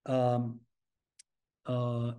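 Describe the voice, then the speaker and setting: A man leading a church Bible study in a relaxed, conversational way, asking the class questions as he teaches. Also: medium pitch, drawn-out words, clean tone. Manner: informal, asks the class questions.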